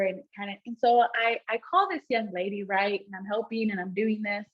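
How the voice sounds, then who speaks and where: A woman telling her personal testimony to a church group, animated and informal, acting out the dialogue she recalls and often speaking to the audience directly. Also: mid-range voice, a little fast, few pauses, lo-fi sound. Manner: animated storytelling, acts out quoted dialogue, laughs often; informal, addresses audience as y'all and guys. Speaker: abuse counselor and youth mentor.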